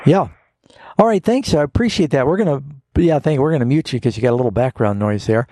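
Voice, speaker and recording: A man's voice: mid-range voice, fast talker, mellow. A man hosting a call-in Bible radio show as a pastor, answering callers' questions in a folksy, explanatory way and reading scripture aloud.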